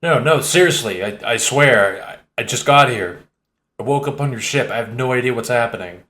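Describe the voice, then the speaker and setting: A man's voice: mid-range voice, normal speed, fairly bright tone, reverberant, natural voice. A man voicing a confused, frightened young man who stammers as he pleads, in an audiobook. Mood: pleading. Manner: stammering, nervous.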